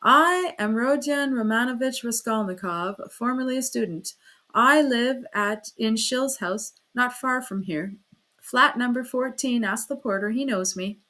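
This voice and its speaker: A woman voicing a brooding young male student who speaks in slow, lazy, dreamy and jeering tones. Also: a little high, sharp tone, voice pushed up. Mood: detached.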